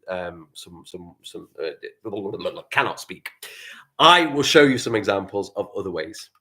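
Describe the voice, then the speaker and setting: A man's voice: fairly low pitch, a bit bright. A male primary school teacher, giving a live online writing lesson, reading example sentences aloud and explaining them step by step.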